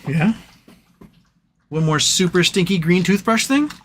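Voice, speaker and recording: A man's voice: high voice, animated, unhurried, fairly bright tone, slightly rough. A man hosting a casual livestream, reading viewer comments aloud in a rambling, playful way and chatting to his dog. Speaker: livestream host.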